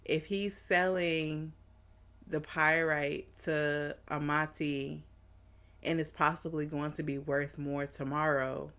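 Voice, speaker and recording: A woman talks through an anime episode in casual reaction commentary, puzzling things out aloud. Her voice sits a little low and her delivery is slow and unhurried. She is animated and quick to laugh. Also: clean tone. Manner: animated, laughs a lot, thinks out loud.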